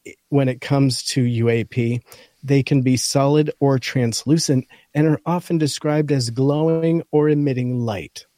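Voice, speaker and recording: Male podcast co-host, scratchy and mellow, reads an article aloud point by point, dry close sound. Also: mid-range voice, dry recording. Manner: talks through a list point by point. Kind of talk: casual chat, reading from an article.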